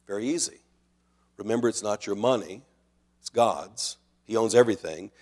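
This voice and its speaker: A middle-aged male pastor delivers a sermon in an earnest preaching voice. He pushes his key points out loudly, then drops to quieter, more intimate asides. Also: mid-range voice. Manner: earnest preaching, swings between loud emphasis and quiet asides.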